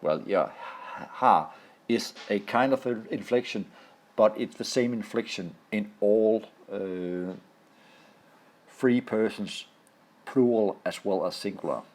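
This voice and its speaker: Man, Danish accent, native Danish speaker, teacher explaining slides, lowish voice, very slow, halting. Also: a little mellow. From Denmark. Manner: halting, pausing often to find words. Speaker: language teacher. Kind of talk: explaining a lesson over slides.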